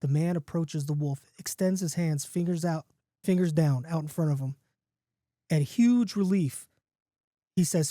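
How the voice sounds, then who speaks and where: A man's voice: on the high side, normal speed, dark tone, no room sound, clean studio sound. A podcast host reading his own spooky story in a casual, playful way, with a few restarts.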